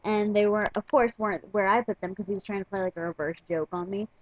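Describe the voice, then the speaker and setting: A woman's voice: medium pitch, fairly even intonation, fast, muffled recording. A woman vlogger telling a story to her camera in a chatty, casual way, full of fillers and "like". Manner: chatty, filler-heavy retelling with frequent "like".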